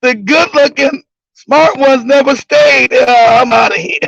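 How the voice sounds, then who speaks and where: Male host, profane, mocking storyteller; gravelly and dry, lo-fi sound. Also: very high voice, measured pace, fairly bright tone, no room sound. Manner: profane, laughs often, mocking. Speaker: livestream show host. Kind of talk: casual comedic storytelling. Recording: dull lo-fi recording.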